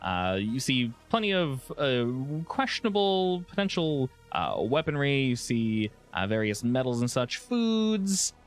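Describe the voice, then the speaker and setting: Lively man narrating a tabletop game. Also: medium pitch, unhurried, hardly any pauses. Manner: lively, filler-heavy narration. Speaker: game master.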